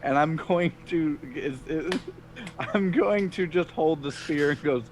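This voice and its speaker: Guy player kinda sheepish, narrating what his character does, bit high voice. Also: takes it slowly, slight background noise. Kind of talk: casual tabletop game chat.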